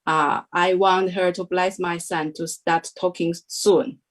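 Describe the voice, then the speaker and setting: Young woman, hesitant, lots of uhs, talks slow. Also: lowish voice, fairly even intonation. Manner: hesitant, many fillers and restarts. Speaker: devotee sharing a testimony. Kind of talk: interview testimony.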